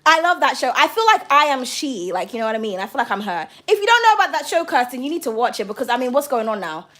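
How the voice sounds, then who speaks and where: Excitable high-voiced woman reading tarot. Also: fast talker. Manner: bubbly and excitable, swears casually, calls viewers darling. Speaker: tarot reader on a livestream. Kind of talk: casual livestream reading.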